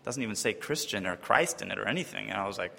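A man from Wisconsin telling a personal testimony story in a lively way, acting out the voices of the people he quotes. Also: quick pace, creaky, breathy edge. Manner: lively, acts out quoted voices, often pitching up high in disbelief. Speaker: speaker giving a personal testimony. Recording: long reverb of a large hall.

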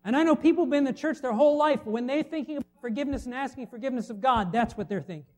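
High-pitched guy giving a sermon, chatty, keeps asking the crowd questions. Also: racing, darkish tone. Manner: conversational preaching with rhetorical questions. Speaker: pastor.

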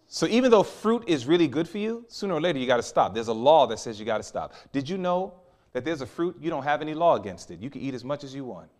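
A man preaching a sermon, animated and storytelling, with sudden loud peaks. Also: mid-range voice, fast.

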